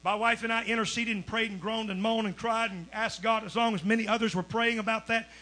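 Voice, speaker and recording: A man preaching a Pentecostal sermon as a guest preacher, telling a testimony, swinging from hushed storytelling to shouting. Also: high voice, fairly even intonation, fairly quick. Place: church sanctuary.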